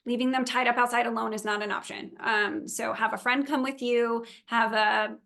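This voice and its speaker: A woman's voice: fairly high pitch, fairly even intonation, moderate pace, gravelly, a bit bright. Upbeat chatty woman giving instructions. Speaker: event organizer. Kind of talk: briefing a virtual meeting.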